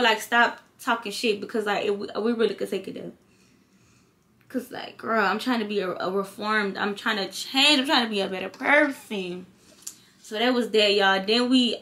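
A tired woman, vlogging in a casual late-night chat to camera and telling stories in a slangy way. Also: medium pitch. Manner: chatty storytelling, slangy, animated when retelling.

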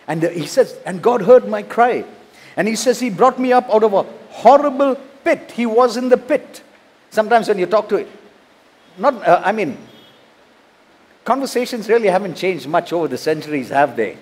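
A man's voice: high-pitched, a little mellow, husky. A man, a pastor from India, preaching a sermon, reading scripture and asking rhetorical questions. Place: church.

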